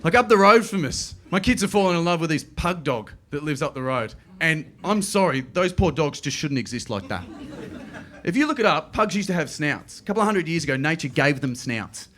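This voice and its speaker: A middle-aged man with an Australian accent doing a stand-up comedy routine, telling stories quickly and slipping into playful voices. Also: on the high side. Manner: animated, quick storytelling with playful put-on voices. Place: comedy club stage.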